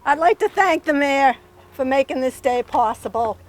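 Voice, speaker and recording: A woman giving gentle, thankful remarks at an outdoor dedication ceremony. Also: sits high, lively intonation, moderate pace, a little hiss or hum. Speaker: family member giving remarks. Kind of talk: prepared speech.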